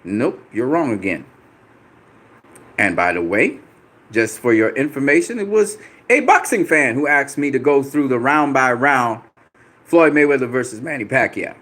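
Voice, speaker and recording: A man's voice: medium pitch, lively intonation, normal speed, a bit bright. A man hosting a boxing channel, answering viewer comments on a live stream in a combative, profane way, repeating himself for emphasis.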